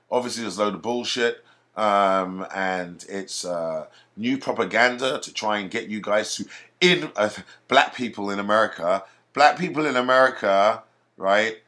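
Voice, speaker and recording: A man's voice: fairly low pitch, fairly bright tone. A man delivering an indignant, emphatic monologue rant to camera, repeating his points. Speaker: video blogger.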